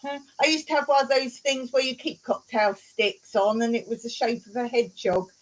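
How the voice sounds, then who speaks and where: A woman's voice: a little high, fairly even intonation, normal speed, rough recording. A woman hosting a casual live stream from home, telling jokes and reading viewer comments aloud with frequent giggles.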